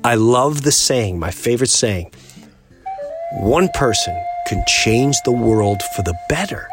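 A man's voice: medium pitch, lively intonation, unhurried, over music. A man hosting a podcast, talking in an earnest, rambling way and acting out the people he quotes. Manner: acts out quoted voices. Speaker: podcast host. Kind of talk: casual monologue.

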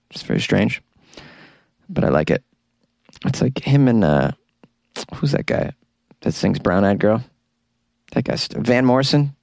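Sitting in a small closet with no room sound, a man closes out his podcast with rambling, casual talk. His voice is lowish, creaky, and darkish in tone, and he keeps fumbling, poking fun at himself, and launching into sung impressions.

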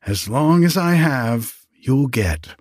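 A man's voice: mid-range voice, animated, slow, no echo, clean studio sound. A man voicing tiny fairy folk at a door, in a small, wee voice for a bedtime story. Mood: pleading.

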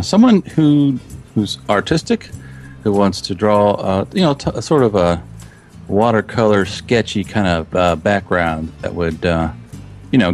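A man with a fairly low voice talks casually as a podcast guest, rambling a little and correcting himself mid-sentence. He chuckles easily while he explains his plans, and faint music sits under the talk. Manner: rambling, self-interrupting, chuckles often. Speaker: podcast guest, Minecraft video creator.

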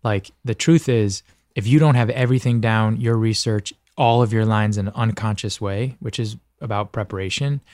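A man's voice: on the low side, normal speed, darkish tone, no echo, studio quality. A man speaking as a podcast guest in casual conversation, earnest and reflective, often stopping and restarting his sentences.

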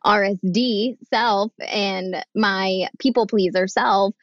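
A woman's voice: mid-range voice, slow. A young woman talks candidly as a podcast guest, acting out the voices of people in her stories with a frank, sometimes profane edge. Her voice comes through dull and slightly lo-fi, with a dry, close sound and no room echo. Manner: animated, acts out quoted voices, frank and profane. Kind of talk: candid conversational storytelling.

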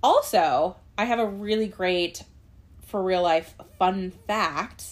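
A woman co-hosting a casual podcast, animated and reflective, with rambling asides. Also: mid-range voice, slow. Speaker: podcast co-host. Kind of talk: casual chat about a cartoon.

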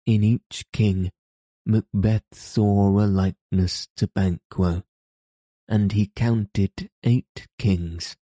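Man, storybook narration, very slow, dark mellow tone, dry close sound. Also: sits low, no room sound. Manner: slow, measured. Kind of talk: storybook reading.

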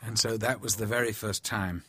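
A man, an actor commenting on a film, telling candid stories in an animated, chatty way. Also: lowish voice, moderate pace. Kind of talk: film commentary, anecdotal chat.

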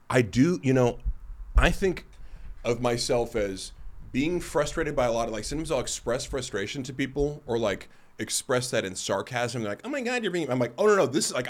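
A man hosting a podcast in casual chat, rambling and self-deprecating, acting out other people's lines as he tells stories. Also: mid-range voice. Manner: rambling and self-deprecating, acts out quoted voices. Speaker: podcast host.

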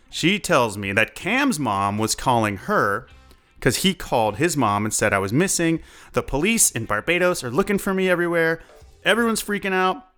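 A young man telling a personal story in a chatty, animated way, full of likes and uhs. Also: fairly high pitch. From United States. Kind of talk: casual first-person storytelling.

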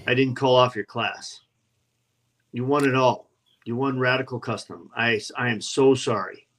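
Man telling lively stories. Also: mid-range voice, normal speed, low-quality recording. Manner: animated anecdotes, acts out quoted voices. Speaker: guest, custom motorcycle builder. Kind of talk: casual podcast storytelling.

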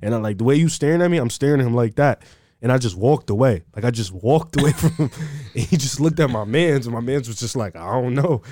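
A young man co-hosts a podcast, telling slang-filled stories with animated energy and acting out other people's lines. His voice is medium in pitch and recorded dry and close. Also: quick pace, no echo. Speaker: podcast co-host. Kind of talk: casual chat.

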